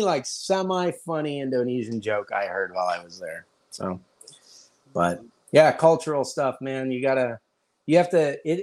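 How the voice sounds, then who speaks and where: An American man hosting a casual podcast conversation. He tells stories in a loose, chatty way, and he switches into quick put-on voices for the people he quotes. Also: medium pitch. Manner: storytelling, acts out quoted voices. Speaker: podcast host.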